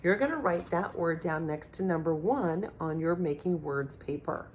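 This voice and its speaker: A middle-aged woman teaching a remote phonics lesson to young children, speaking slowly and clearly with encouraging sound-outs. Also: low voice, lively intonation, a little hiss or hum. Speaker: kindergarten teacher.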